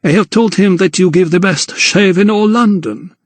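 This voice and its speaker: Man voicing a small eager nobleman, effusive, familiar, high lifted voice, dry close sound. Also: moderate pace, no echo. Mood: boastful.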